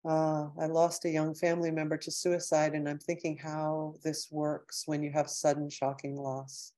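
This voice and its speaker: A woman's voice: sits low, flat delivery, moderate pace, dark tone. A middle-aged woman lecturer on a video call, reading audience comments aloud and answering them in a heartfelt, emotional way. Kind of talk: warm closing of an online lecture, reading chat comments.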